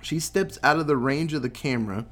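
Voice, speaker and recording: A man with a brisk, somewhat high voice casually recaps a movie plot. He's an animated storyteller who acts out the characters' lines and swears freely.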